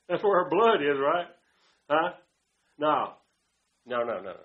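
A man preaching a sermon, his delivery swinging between loud, fervent outbursts and hushed asides. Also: a little high, big pitch swings, extremely slow, roomy sound. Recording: dull lo-fi sound.

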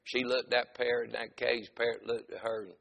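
A man preaching a lighthearted sermon in a folksy, storytelling manner, punctuating his lines with "amen." His voice is gravelly and bright, with a middle pitch. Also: level tone, fairly quick, slight background noise. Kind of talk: humorous sermon.

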